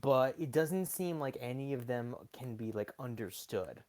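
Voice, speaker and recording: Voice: mid-range voice, animated, measured pace, a little mellow. A game master narrating a tabletop game scene, hesitant and full of fillers.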